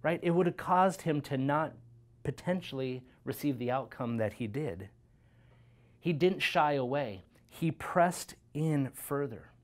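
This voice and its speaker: A man's voice: on the high side, animated, a little slow. A man, a youth pastor, giving a devotional sermon and reading scripture in an earnest, conversational way, often checking in with "right?".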